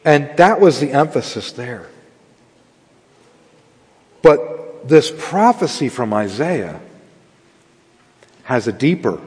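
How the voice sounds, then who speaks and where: A man's voice: mid-range voice, a little mellow, slightly rough, in a large hall. A man preaching a sermon as pastor, earnest and building to emphatic stress.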